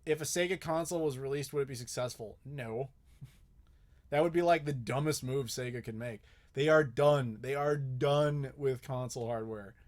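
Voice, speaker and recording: A man's voice: medium pitch, normal speed, a little mellow. A young man hosting a live Q&A, chatting casually and bluntly, swearing often and joking with viewers. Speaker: host.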